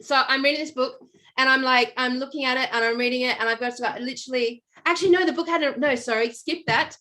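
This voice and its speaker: Animated Australian woman telling a rambling story. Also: high voice, quick pace. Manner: animated, rambling, many fillers and restarts. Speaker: podcast co-host. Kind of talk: casual storytelling chat.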